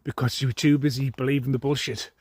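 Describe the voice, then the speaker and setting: A man's voice: mid-range voice, level tone, fast talker, husky, no echo, studio quality. A man in an angry, profane monologue, mocking his critics and laughing at them.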